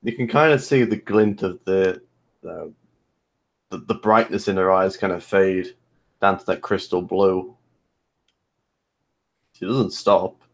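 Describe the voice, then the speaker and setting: A man running a tabletop role-playing game, narrating scenes slowly with hesitant restarts. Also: sits low, steady tone. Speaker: game master.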